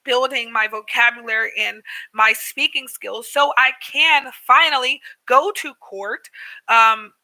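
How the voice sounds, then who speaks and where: A woman's voice: a little high, a little slow, pushed and bright, low-quality recording. A woman vlogger casually telling a story, full of fillers and acted-out quotes. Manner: chatty, many fillers, acts out quoted people. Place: living in Korea.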